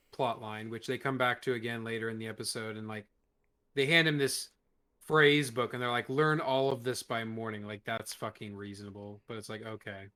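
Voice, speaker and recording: A man's voice: mid-range voice, bright, forceful tone, clean tone. A man in the middle of his range, chatting casually on a podcast and reviewing a show. He speaks bluntly, with frequent swearing. He often stresses single words hard. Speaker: podcast co-host.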